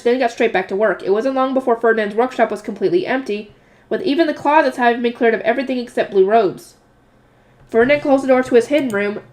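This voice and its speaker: Woman fan reader, nasal tone, a bit high, casual asides between passages of a novel. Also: a little mellow. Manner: chatty, reacts to the story between passages. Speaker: audiobook reader, channel host.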